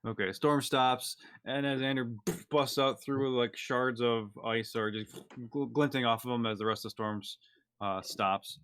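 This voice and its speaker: A man's voice: mid-range voice, fairly even intonation, a little slow, fairly bright tone, a little hiss or hum. A man narrating as game master in a loose, hesitant way with many fillers.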